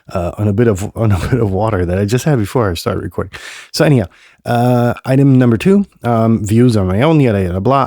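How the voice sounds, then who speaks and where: Gravelly low-voiced man rambling on a podcast. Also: mellow, no room sound, clean studio sound. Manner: rambling, many filler sounds, blunt and profane. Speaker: podcast host. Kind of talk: casual solo podcast monologue.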